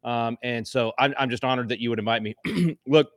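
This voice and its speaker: A man's voice: mid-range voice, a little fast, no echo, clean studio sound. A middle-aged man appearing as a guest, speaking with fervent anger and frequent restarts. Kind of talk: impassioned talk show commentary.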